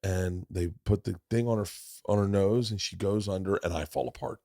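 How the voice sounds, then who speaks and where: Man, middle-aged podcast host, profane, animated storytelling, loud then hushed, dry close sound. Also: low voice, moderate pace, no room sound. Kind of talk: casual storytelling.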